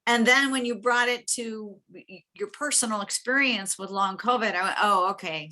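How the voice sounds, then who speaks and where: A bright, clear-toned woman talks through a speech evaluation over a video call. She is chatty and encouraging, with quick asides where she acts out what she thought. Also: mid-range voice. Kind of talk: spoken feedback on a speech.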